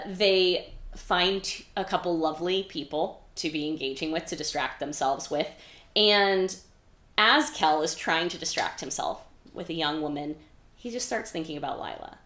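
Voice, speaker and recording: A woman author casually talking through her own novel in a chatty, informal way, with playful swearing and quick paraphrased character quips. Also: lowish voice. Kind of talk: casual book discussion. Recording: echoey room.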